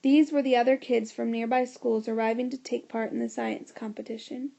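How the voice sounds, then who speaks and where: A woman reading a children's storybook aloud, steady and expressive. Her voice sits a little high, with a gravelly grain and a mellow, dark warmth. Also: a little fast. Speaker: narrator.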